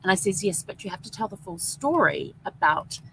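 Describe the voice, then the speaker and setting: A woman's voice: on the low side, very animated, a little fast, gravelly, fairly bright tone, slight background noise, low-quality recording. A middle-aged woman hosting a show, chatty and rambling as she tells a personal story and quotes herself and her husband. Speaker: host.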